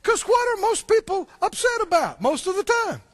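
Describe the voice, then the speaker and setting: A male pastor preaching a sermon, animated and full of rhetorical questions. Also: extremely high pitch, normal speed.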